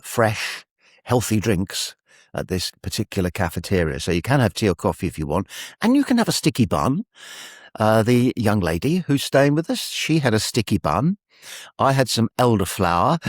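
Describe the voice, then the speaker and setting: Low-voiced chuckling man. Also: no echo, clean studio sound. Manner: rambling, chuckling, wry storytelling. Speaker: radio host. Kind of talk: anecdotal monologue.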